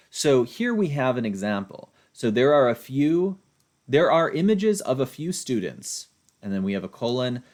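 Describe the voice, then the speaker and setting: A man's voice: medium pitch, a little mellow. A man lecturing as a writing instructor, explaining through examples and often checking in with a rhetorical "right?".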